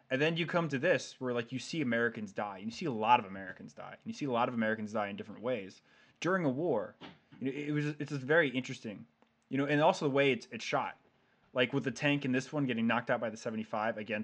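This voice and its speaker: A man hosting a casual film discussion podcast, chatty and analytical with many fillers like "um" and "like". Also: mid-range voice. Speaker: podcast host who picked the film.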